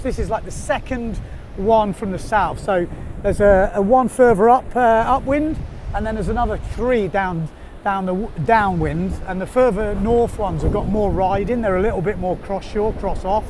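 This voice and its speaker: High-voiced man windsurfing, chatty. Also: moderate pace. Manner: chatty, excitable, laughs often. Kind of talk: casual running commentary while riding. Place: outdoors on the sea, windsurfing. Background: wind noise.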